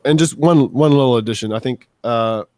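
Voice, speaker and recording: A man who works as a physical therapist, adding measured, low-key points in a casual panel talk. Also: mellow, dry recording, clean studio sound. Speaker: physical therapist, podcast co-host.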